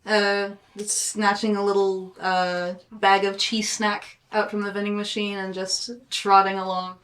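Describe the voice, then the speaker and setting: A woman's voice: medium pitch, flat delivery, unhurried, a bit bright. Chatty woman player describing actions. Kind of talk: casual tabletop play.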